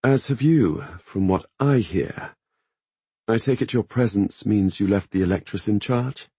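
A man's voice: lowish voice, a little slow, mellow, slightly rough, dry recording, pitched above the performer's own voice, exaggerated voice. A man reading the part of a weary, commanding woman leader in an audiobook, cool, clipped and dry.

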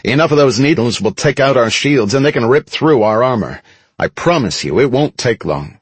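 A man's voice: medium pitch, lively intonation, moderate pace, slightly rough, no echo, voice pushed up. A man doing a wry, teasing soldier buddy. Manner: dry, teasing. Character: wry, joking male soldier comrade. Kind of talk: audiobook character voice.

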